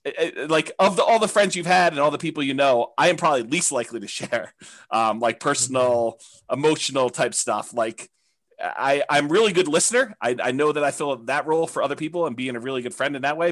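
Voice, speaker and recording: A man teaching a real estate investing class, talking candidly in a halting way with many restarts and fillers. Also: medium pitch, a bit bright.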